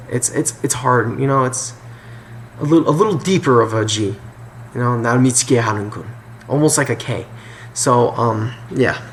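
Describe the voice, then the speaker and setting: A man casually explaining Korean phrases from a game, thinking aloud with frequent pauses and restarts. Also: mid-range voice, slight background noise. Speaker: language tutor.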